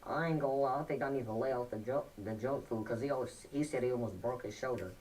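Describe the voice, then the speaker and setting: A male guest answering interview questions in a halting, stuttering, plainspoken way. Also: mid-range voice, darkish tone, far from the mic, low-quality recording.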